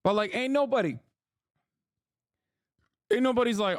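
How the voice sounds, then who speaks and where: Male streamer, mocking and profane, slightly high voice, dry close mic. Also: moderate pace, no room sound. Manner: mocking, heated, swears a lot. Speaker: streamer reacting to a clip. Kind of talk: profane, sarcastic streamer commentary.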